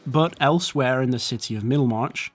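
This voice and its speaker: A man's voice: medium pitch, fairly quick, faint music behind. A man narrating as game master, rambling and descriptive with fillers.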